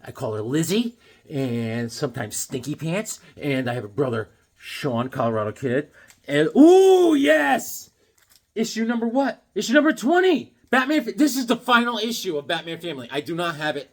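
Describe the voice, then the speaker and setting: Casual male vlogger, high voice that jumps all over, excitable and rambling with groan-worthy jokes. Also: fairly quick. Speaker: comic book collector showing new comics. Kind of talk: casual vlog chat.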